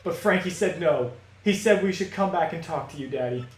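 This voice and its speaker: A man's voice: on the high side, lively intonation, a little fast, close to an everyday voice. A man voicing a headstrong young female Pianta, the daughter of a mob boss, in a melodramatic, pleading way. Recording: echoey room, music behind.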